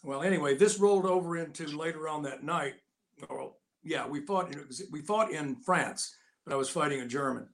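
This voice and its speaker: An older man spins a lively anecdote as a guest, and his voice sits a touch high for a man. He jumps into the voices of the people in his story as he goes. The talk is loose and conversational. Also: normal speed. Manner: lively anecdotal, acts out quotes. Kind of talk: casual storytelling.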